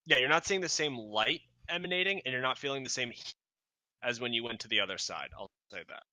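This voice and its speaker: A man's voice: medium pitch, expressive, bright, forceful tone, no room sound. Rambling man running a tabletop game. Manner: rambling, halting, with many fillers and restarts. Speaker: game master.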